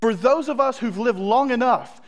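A man's voice: very high voice, normal speed. A man, a pastor, preaching a sermon, reading scripture aloud with asides and praying earnestly.

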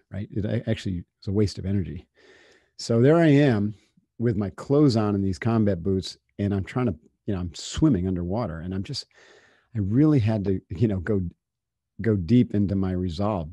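A man's voice: lowish voice, warm tone, slightly rough, dry recording, studio quality. A middle-aged man, a podcast guest, telling a candid anecdote casually, full of fillers and quoting himself. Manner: candid, casual, peppered with fillers and self-quotes. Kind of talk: storytelling anecdote.

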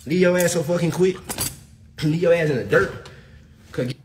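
A man's voice: a little high, normal speed, noisy background. A man ranting on a casual livestream, profane and emphatic, tacking "bro" onto nearly every sentence.

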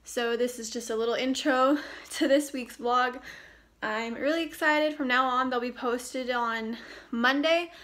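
A woman's voice: sits high, unhurried, fairly bright tone. A young woman talking casually and upbeat in a home vlog, recorded at home. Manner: chatty, upbeat, scolding the dog in between. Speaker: vlogger. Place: at home indoors.

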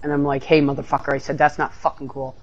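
A man's voice: a little high, monotone, fast talker, dull audio. A man chatting casually while playing a game, swearing constantly and telling a long rambling story. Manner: swears constantly, loud outbursts when losing. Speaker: co-player. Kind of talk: casual gaming chat.

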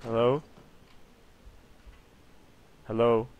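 A man giving loud, jumpy, swearing commentary while playing a horror game. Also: medium pitch, little pitch movement, drawn-out words, smooth, phone-quality sound. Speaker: gaming YouTuber.

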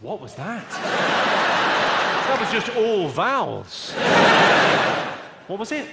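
A sharp, deadpan comedian working the crowd from a theatre stage, his voice pitched high and bouncing all over. He mocks the audience with quick comebacks. Loud waves of laughter crash in behind him. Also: creaky, heavy background noise. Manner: deadpan, mocking, quick comebacks, puts on regional accents. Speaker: stand-up comedian. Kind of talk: live stand-up with crowd work. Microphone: stage microphone.

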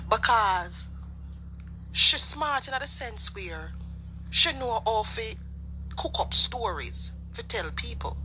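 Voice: medium pitch, bright, forceful tone, slight background noise, low-quality recording. A speaker with a Jamaican accent chatting in patois, often stumbling over repeated words. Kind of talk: casual commentary chat.

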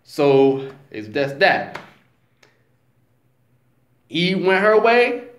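A man giving a slow, emphatic, conversational religious talk as a vlogger, often checking in with his listener. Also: on the high side, very animated, fairly bright tone. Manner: slow, emphatic, conversational, says "you know what I'm saying". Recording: roomy echo.

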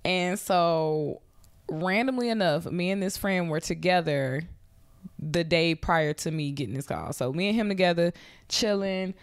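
A woman's voice: on the low side, unhurried, clear, resonant tone, no room sound, clean studio sound. A young woman hosting a podcast, telling a story in casual chat and acting out the voices of the people in it. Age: young adult. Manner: animated, acts out quoted voices, laughs often. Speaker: podcast host. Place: Atlanta.

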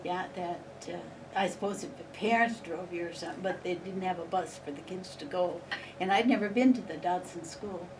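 A woman's voice: on the low side, a little fast. An older woman being interviewed, reminiscing in a chatty, rambling way and laughing often. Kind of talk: reminiscing storytelling. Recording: distant mic, faint background noise.

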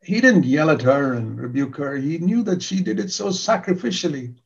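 A man's voice: a little high, lively intonation, normal speed, vocal fry, dull audio. An older man preaching a sermon in an earnest, emphatic way, repeating key words for stress.

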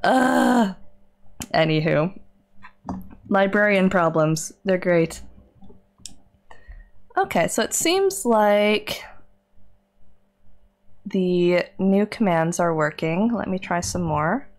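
A woman's voice: mid-range voice, animated, takes it slowly, pauses often. Chatty woman streamer who laughs often. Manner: chatty, laughs often, reads chat aloud. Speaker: streamer and librarian. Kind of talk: casual live-stream chat while gaming.

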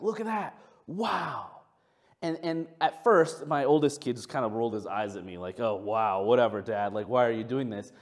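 A man who is a pastor, preaching a sermon and telling a family story with lively acted-out dialogue. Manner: storytelling, acts out family dialogue with big pitch jumps.

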